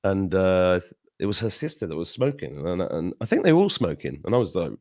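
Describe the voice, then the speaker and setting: A man's voice: sits low, very animated, fairly quick, darkish tone, dry recording, studio quality. A man in his fifties hosting a casual podcast chat, rambling through stories with swearing and laughter. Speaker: show host.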